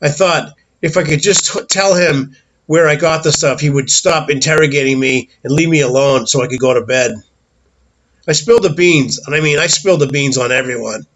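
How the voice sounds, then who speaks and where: A man's voice: on the high side, a bit bright, a little hiss or hum, poor audio. A man telling a childhood story in a casual, candid, blunt way, with some swearing and small stumbles.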